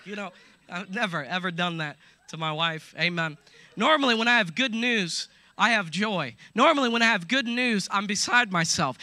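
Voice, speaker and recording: Upbeat male preacher, high voice, playful asides and crowd check-ins. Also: normal speed, no echo. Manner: animated, laughing asides, call-and-response. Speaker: pastor. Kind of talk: sermon.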